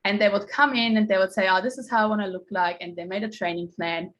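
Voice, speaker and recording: A woman's voice: mid-range voice, steady tone, quick pace, fairly bright tone, highs cut off. Chatty woman mindset coach. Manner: chatty storytelling, acting out quotes. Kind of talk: casual coaching talk to a group.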